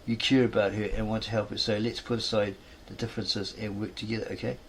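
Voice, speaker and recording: A man's voice: on the low side, little pitch movement, fast, slight background noise. A man reading a fan story aloud, rambling and correcting himself as he goes.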